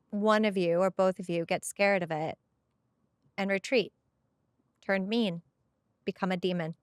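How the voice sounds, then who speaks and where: A woman's voice: mid-range voice, fairly bright tone, smooth, no echo, clean studio sound. A middle-aged woman hosting a podcast, talking on a headset mic in an emotional, gushing way as she comments on a show episode. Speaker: podcast host. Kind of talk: casual episode rewatch commentary.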